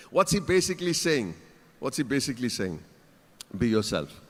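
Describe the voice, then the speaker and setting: A man's voice: mid-range voice, sing-song, moderate pace, pauses often. A man giving a playful keynote speech, teasing the audience from a conference stage. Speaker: keynote speaker. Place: large conference hall stage. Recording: reverberant conference hall.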